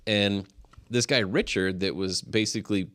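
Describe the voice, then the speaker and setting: A man's voice: lowish voice, fairly even intonation, normal speed, fairly bright tone. A man from Colorado, a podcast co-host, telling a story in casual chat and laughing often.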